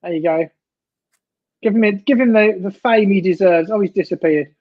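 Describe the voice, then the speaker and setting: A man's voice: high-pitched, moderate pace, no echo, dull audio. Chatty, jokey man on a fan stream. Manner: chatty, jokey, drops in slang. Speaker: co-host of a football fan stream. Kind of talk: casual live stream reaction chat.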